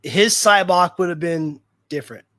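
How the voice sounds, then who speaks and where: A man with a fairly high-pitched voice hosts a relaxed fan livestream chat. He rambles and restarts, padding his thoughts with plenty of filler words. The sound is dry and close, with no room around it. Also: normal speed, dry recording. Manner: rambling, heavy use of fillers like "like" and "you know". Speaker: livestream host.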